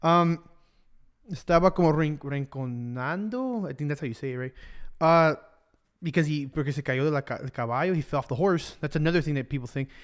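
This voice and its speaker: A man's voice: a little high, lively intonation, brisk, smooth. Bilingual young man preaching casually. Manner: switches between English and Spanish mid-sentence; chatty, joking, loose with fillers.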